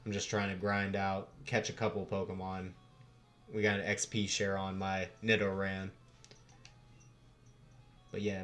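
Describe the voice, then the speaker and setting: Chill young western american dude streaming, cusses a lot, kinda low voice, some music in the back. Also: male voice, level tone, normal speed, long pauses, fairly bright tone. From United States. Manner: laid-back, swears casually, chuckles often. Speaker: livestream host. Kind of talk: casual livestream chat.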